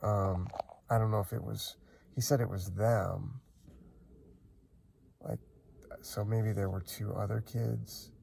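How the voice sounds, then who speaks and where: A man's voice: on the low side, fairly even intonation, takes it slowly, vocal fry, pauses often, mellow, a little hiss or hum. A man vlogging from inside his van, rambling and hesitant as he regretfully retells a night's events in casual talk. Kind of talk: casual spoken recollection.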